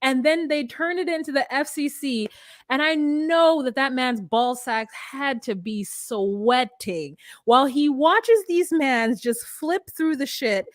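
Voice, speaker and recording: Tell it like a woman with a slightly high voice who swears as she tells a story from her notes, close and dry on the mic. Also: takes it slowly, no echo. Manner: animated, profane, self-correcting. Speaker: podcast host reading from notes. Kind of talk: casual storytelling chat.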